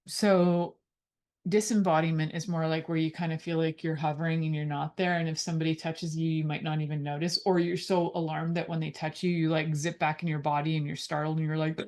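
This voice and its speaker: A woman's voice: deep voice, level tone, brisk, darkish tone. A middle-aged woman hosting a show, talking casually and rambling into digressions with many fillers. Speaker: host. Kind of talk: casual talk on intimacy.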